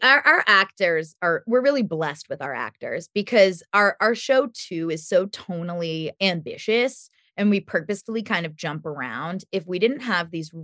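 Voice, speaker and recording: A woman guest on a podcast interview, telling lively stories about making her show and laughing often. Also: lowish voice, dry recording, studio quality. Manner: animated storytelling, laughs often.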